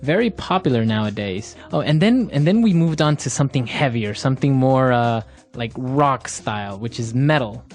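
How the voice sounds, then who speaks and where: A man's voice: medium pitch, animated, moderate pace, few pauses, darkish tone, faint music behind. A man hosting a language-learning podcast in casual teaching chat, asking questions and laughing easily. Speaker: podcast host.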